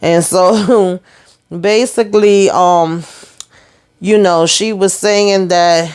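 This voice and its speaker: A young woman recaps a TV episode in a loose, sassy way, full of asides and animated retelling. Her voice is smooth and clean, pitched a little low for a woman. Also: very slow. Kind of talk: casual TV recap.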